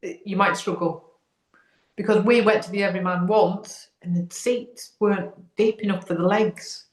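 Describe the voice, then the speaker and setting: A woman's voice: medium pitch, steady tone, normal speed. A woman co-hosting a podcast, chatting casually and checking in often with "do you know what I mean". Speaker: podcast co-host. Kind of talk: casual chat. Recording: roomy echo.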